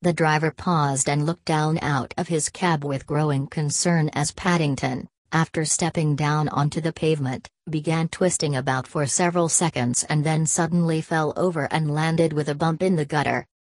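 A woman reading a children's story aloud in a measured, expressive way. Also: low-pitched, no room sound. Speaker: audiobook reader. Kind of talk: storybook narration.

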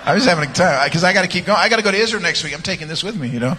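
A man's voice: sits high, expressive, racing, bright, forceful tone. A man preaching as a guest speaker in a church, telling stories in a playful, rambling way and laughing at his own jokes. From United States. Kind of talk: joking sermon with personal stories. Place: large church sanctuary. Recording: long church-hall reverb with music.

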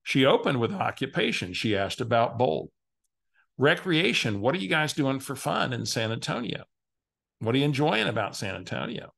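Man, middle-aged, sales coach, training video, instructive, gravelly voice. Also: mid-range voice, sing-song, normal speed, a bit bright. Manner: instructive, acts out sample phone calls. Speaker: real estate sales coach.

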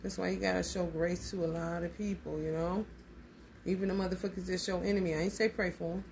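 A woman's voice: lowish voice, quick pace, vocal fry, a little hiss or hum. A woman giving a casual tarot reading in a blunt, emphatic way, swearing freely and calling her listeners honey. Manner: emphatic and animated. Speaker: tarot reader.

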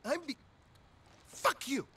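An actor playing a frantic, cowardly male cousin who whines and yells in a game cutscene. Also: takes it slowly. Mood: panicked. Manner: frantic, whiny, yelling. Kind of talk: video game cutscene acting.

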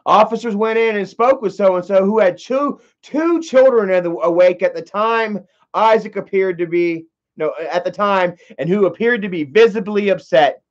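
Rambling, profane young man with a high voice. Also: moderate pace. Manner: profane, rambling, laughs often. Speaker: commentary vlogger. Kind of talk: casual rambling commentary. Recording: dull lo-fi audio.

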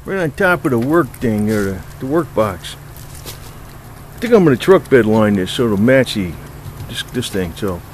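A man's voice: animated, normal speed, a little hiss or hum, rough recording. A man casually talking to the camera while filming outdoors by his garage and truck. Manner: coos at the cat in a high baby-talk voice. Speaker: vlogger. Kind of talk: casual chat to a cat and camera.

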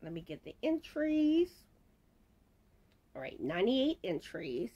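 Slow, lively-voiced woman announcing winners. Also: fairly high pitch, highs cut off. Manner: chatty and unhurried, mutters asides to herself. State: voice starting to give out. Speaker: crochet channel host announcing giveaway winners. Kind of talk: casual giveaway announcement, reading viewer comments.

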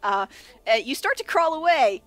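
A woman's voice: high-pitched, moderate pace, soft background music. A woman running a tabletop game as game master, narrating with frequent laughter and tumbling restarts. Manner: laughs often while narrating, animated with many restarts.

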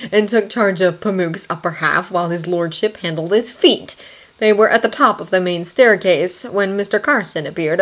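A woman reading fanfiction aloud as an audiobook, in a steady, lightly dry storytelling manner. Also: mid-range voice. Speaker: fanfiction reader. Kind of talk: audiobook narration.

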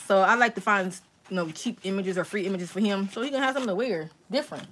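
A woman hosting a casual live-stream crafting tutorial, chatty and excitable, talking straight to her viewers. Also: mid-range voice, quick pace. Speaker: crafting channel host.

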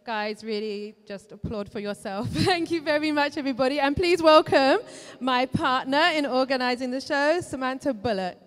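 A woman organizer with a fairly high voice gives a short, direct thank-you at a live show. Her words ring with a long reverb from the hall. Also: moderate pace. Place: event hall.

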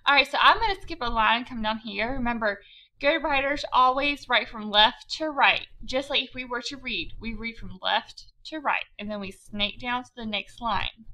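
A woman teacher giving a slow, patient writing lesson to young children, spelling words out letter by letter. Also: fairly high pitch, bright, forceful tone, poor audio.

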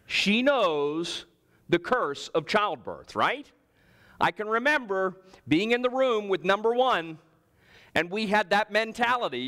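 A male pastor delivers a sermon in a church, weaving humorous personal stories into his teaching. His voice sits high and swings widely in pitch, with a bright, sharp edge. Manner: animated storytelling, with personal anecdotes and humor.

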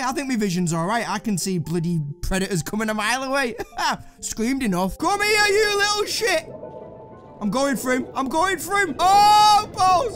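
A man commentating on a video game he plays, excitable and full of swearing, yelps and laughs. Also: very high voice. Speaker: gaming video host. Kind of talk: let's play commentary.

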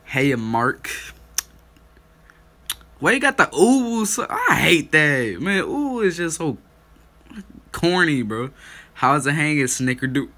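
A young man doing profane, mocking trash-talk commentary on a stream, laughing and calling people out in a put-on higher voice. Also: sing-song, measured pace. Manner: mocking, laughing, loud call-outs; put-on higher voice instead of his deep one. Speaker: YouTube commentator.

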